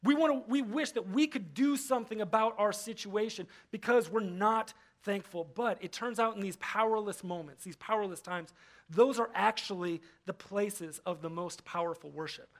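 A man's voice: high-pitched, moderate pace. A man pastor giving a casual, conversational sermon, often acting out the voices he quotes. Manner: conversational, acts out quoted voices, frequent fillers. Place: church.

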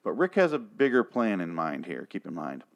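A man's voice: low voice, big pitch swings, normal speed, highs cut off. Swearing, irritated man ranting a recap. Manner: irritated, swears often, restarts sentences. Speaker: TV episode recapper.

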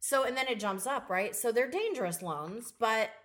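A woman's voice: fairly high pitch, expressive, moderate pace. A woman co-hosting a casual podcast, telling a workplace story with lots of swearing and acted-out voices. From Southern California. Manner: swears freely, tells stories with loud laughing impressions. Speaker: podcast co-host. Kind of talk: casual chat.

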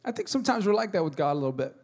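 A man, preaching a sermon and telling stories, shifting between hushed, soft moments and loud exhorting. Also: high voice, sing-song, rapid-fire. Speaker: pastor.

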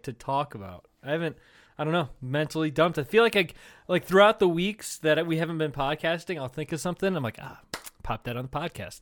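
Give me a young man, joking and relaxed on a podcast, slightly high-pitched and dry. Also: no room sound. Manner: laughs often, teasing and loose. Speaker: podcast co-host. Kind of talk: profane comedy podcast chat.

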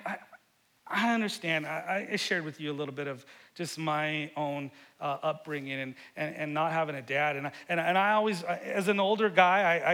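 A middle-aged man preaching a sermon, earnest and often repeating words, swinging between loud emphasis and hushed moments. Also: on the high side. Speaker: pastor.

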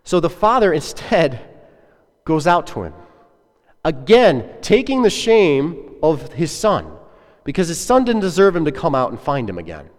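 A man's voice: fairly high pitch, sing-song, a little slow. Pastor guy preaching, earnest and chatty, asks the crowd stuff, long reverb in a big church hall. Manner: earnest, conversational, asks the audience questions. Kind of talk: sermon.

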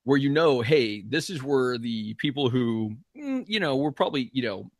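A man with school-age kids, chatting fast and animatedly as a podcast co-host. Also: mid-range voice, big pitch swings, dry recording, studio quality. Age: adult with school-age kids. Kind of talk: casual chat.

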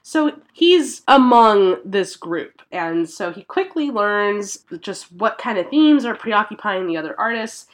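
A woman's voice: medium pitch, lively intonation, unhurried, hardly any pauses. A woman hosting a podcast, telling history in a chatty storytelling way with lots of fillers. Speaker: podcast host. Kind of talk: casual art history chat.

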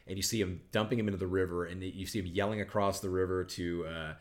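A man's voice: low voice, steady tone, fast talker. A man co-hosting a podcast in casual chat, rambling and restarting his sentences as he retells scenes. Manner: rambling, restarts sentences, acts out movie lines. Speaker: podcast co-host.

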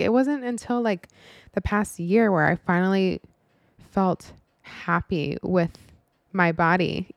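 A woman's voice: on the low side, no echo. A woman in her twenties telling a personal story in a candid, frank, casual way, with some swearing and many "like" fillers.

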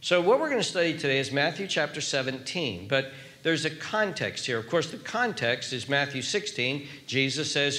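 Emphatic older male preacher, bright voice. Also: lively intonation, moderate pace, few pauses. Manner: emphatic, rising to a near shout on questions, then dropping low. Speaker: pastor. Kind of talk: sermon.

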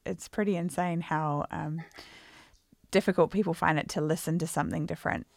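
A woman's voice: sits low, fairly even intonation, brisk, creaky, no room sound. A woman with a non-American English accent talking reflectively in a casual chat. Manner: reflective, laughs often. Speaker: podcast co-host.

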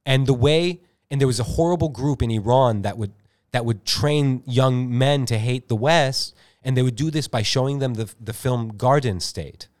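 A man's voice: mid-range voice, moderate pace, a little mellow. Rambling man spinning a comic tale. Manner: rambling, filler-heavy, self-interrupting. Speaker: podcast co-host. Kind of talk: improvised comic storytelling.

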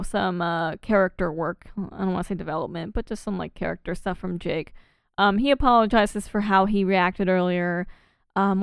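A woman's voice: mid-range voice, clear, resonant tone, no room sound, studio quality. A young woman co-hosting a podcast in casual chat, talking freely with lots of fillers and laughter. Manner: chatty, laughs often, many fillers and restarts. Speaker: podcast co-host.

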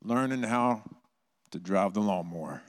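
A middle-aged man preaches in a church sanctuary, speaking in a somewhat low voice. He tells stories conversationally, with animated bursts of energy. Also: unhurried. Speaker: pastor. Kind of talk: sermon with personal stories.

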